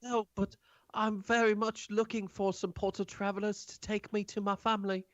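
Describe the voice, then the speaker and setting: A squeaky timid mouse-person. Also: male voice, little pitch movement, normal speed, fairly bright tone, no echo, lo-fi sound. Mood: pleading. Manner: stammering, polite.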